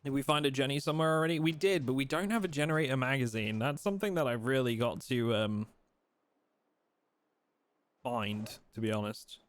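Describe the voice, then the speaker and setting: A man's voice: medium pitch, brisk, dry recording. Casual male game streamer. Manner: playful, mock outrage, talks to his dog in a soft voice. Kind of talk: casual live-stream chat.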